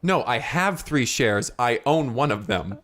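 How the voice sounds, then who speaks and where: Animated, flustered man rambling in improv. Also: unhurried. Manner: flustered, apologetic rambling with sudden high jumps. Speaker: improv comedy podcast co-host. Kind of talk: improvised comedy chat in character.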